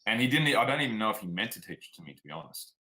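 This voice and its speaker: A man's voice: fairly low pitch, big pitch swings, very fast, pushed and bright, poor audio. A man with an Australian accent, telling stories frankly as a guest in a casual interview. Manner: frank and plainspoken, drops "like" and "man". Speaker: guest, performance coach.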